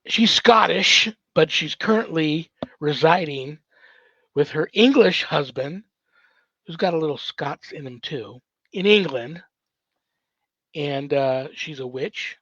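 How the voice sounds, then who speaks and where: A man's voice: fairly high pitch, fairly bright tone, no room sound. A man hosting a casual podcast interview, talking in a rambling, chatty way with many fillers. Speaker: podcast host. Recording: dull, dry podcast recording.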